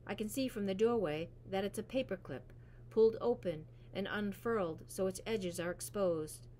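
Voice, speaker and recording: A woman reading a novel aloud in a steady, even narration. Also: medium pitch, moderate pace, a little hiss or hum. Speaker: reader. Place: school library.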